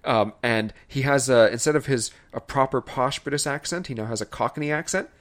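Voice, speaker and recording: A man co-hosting a podcast, ranting in casual chat with animated exasperation and laughter. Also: medium pitch, a little fast. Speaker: podcast co-host reviewing films.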